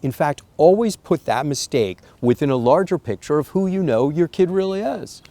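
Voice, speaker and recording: A man's voice: fairly high pitch, expressive, moderate pace, warm tone, dry recording. A man giving an earnest, coaching talk to parents, stressing key points with emphasis. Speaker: parenting educator. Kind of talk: instructional talk to camera.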